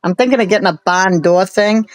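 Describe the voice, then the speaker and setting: A woman's voice: medium pitch, fairly quick, no room sound. A woman in her forties chatting casually on a live stream, rambling and laughing often. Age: 40s.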